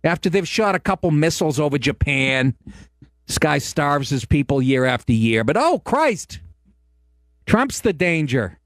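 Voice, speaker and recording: A man's voice: fairly high pitch, sing-song, measured pace, dry recording, clean studio sound. A middle-aged man hosting a talk show, ranting in a profane, sarcastic and exasperated way. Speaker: host.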